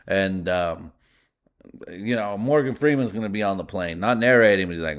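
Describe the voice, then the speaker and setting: A man's voice: low voice, moderate pace. A man from the US with Spanish as his first language, hosting a podcast from his garage in a rambling, profane, laughing monologue. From United States. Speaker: podcast host. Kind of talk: casual comedic monologue. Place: home garage.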